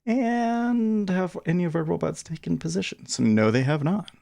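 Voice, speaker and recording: A man's voice: a little high, animated, brisk, vocal fry, a little mellow, no echo. A man hosting a day trading livestream, chatting casually and thinking aloud as he works his screens, laughing easily. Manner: laughs easily, loose and joking. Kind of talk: casual live-stream commentary.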